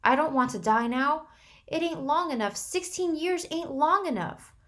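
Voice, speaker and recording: A woman's voice: normal speed, close to an everyday voice. A woman reading the part of a badly hurt, frightened teenage boy, his voice shaky and pleading. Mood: scared. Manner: shaky, pleading, rising into high breaks.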